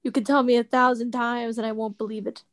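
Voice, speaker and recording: A woman's voice: on the high side, flat delivery, fast talker, no room sound. A woman player speaking earnestly in character during a tabletop game. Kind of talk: in-character play.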